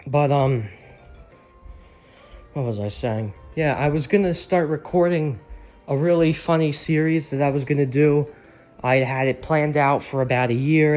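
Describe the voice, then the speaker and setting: A man's voice: mid-range voice, a little mellow. A young man talking casually and candidly to his viewers, rambling a little and swearing freely. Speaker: YouTuber. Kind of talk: casual chat.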